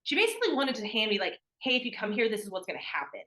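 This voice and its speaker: A woman's voice: mid-range voice, sing-song, very fast, a bit bright, rough recording. A young adult woman, a former college athlete, chatting as a podcast guest and acting out what others said, with lots of "like". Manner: chatty, lots of "like", acts out quoted voices. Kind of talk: casual storytelling interview.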